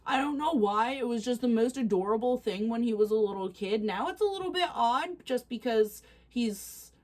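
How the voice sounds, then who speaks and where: A chatty, excitable woman casually reacting to posts on her vlog, quick to laugh. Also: fairly high pitch. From Canada. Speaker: reaction channel host.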